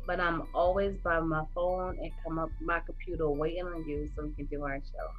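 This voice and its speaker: A woman co-hosting a podcast in casual chat, sassy and animated as she tells a story into a studio mic. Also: low-pitched, fairly quick, muffled recording, faint music behind. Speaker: podcast co-host. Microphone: studio microphone.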